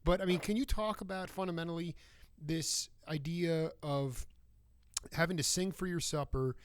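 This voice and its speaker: A man's voice: fairly high pitch, normal speed. A male radio host asking long, rambling interview questions with many restarts.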